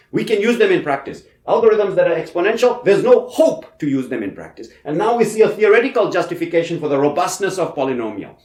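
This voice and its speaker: Man lecturing in an echoey hall. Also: high voice. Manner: conversational, frequent "okay" and "you know", emphatic. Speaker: university lecturer. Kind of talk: classroom lecture. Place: lecture room.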